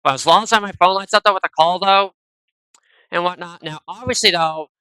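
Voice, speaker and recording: A man's voice: high-pitched, a little fast, bright, forceful tone, clear, resonant tone, no echo, low-quality recording. A man giving casual, rambling gameplay commentary into a headset, tacking "though" and "and stuff" onto nearly every phrase. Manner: chatty, rambling asides to viewers. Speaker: gaming video creator. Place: at home, recording at a PC. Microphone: gaming headset.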